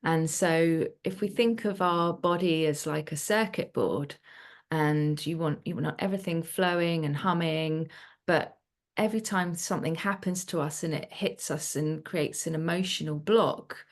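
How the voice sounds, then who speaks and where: A woman's voice: low voice, a little slow. A woman coach hosting a webinar, explaining in a loose, conversational way with many fillers and restarts.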